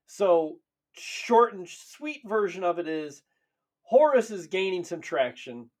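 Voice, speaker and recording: A man co-hosting a podcast, retelling lore in casual, profane, animated chat and laughing often. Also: high voice, takes it slowly. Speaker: podcast co-host.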